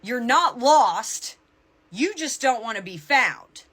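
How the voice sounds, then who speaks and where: A woman's voice: fairly high pitch, expressive, slow, fairly bright tone, slightly rough, full character voice. A woman voicing a stern, motherly female spirit who scolds sharply as she retells a dream. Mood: scolding.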